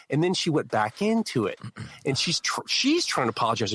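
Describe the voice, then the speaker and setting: A man co-hosting a knife-making show, telling a story with lively energy and acting out the people in it. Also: on the high side, fast, slightly rough, no echo, clean studio sound. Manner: excitable, acts out quoted voices. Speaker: podcast co-host. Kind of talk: animated storytelling.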